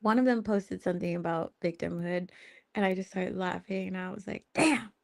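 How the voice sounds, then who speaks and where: With a lowish, steady, creaky voice at a fairly quick pace, a young woman hosts a live spiritual Q&A stream. She chats casually and bluntly with viewers, teasing them, swearing, and laughing often.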